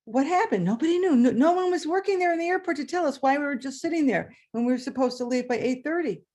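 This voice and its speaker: A woman who was a third grade teacher, telling a personal story live to an audience with dramatic pitch leaps. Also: animated, quick pace, mellow. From New York area. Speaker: storyteller, retired-style schoolteacher.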